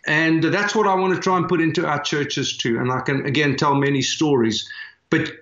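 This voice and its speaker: A man with a South African accent telling a personal story in an earnest, animated way, filling pauses as he goes. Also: a little high. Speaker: guest, church planter. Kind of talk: storytelling in conversation. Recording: echoey, dull remote audio.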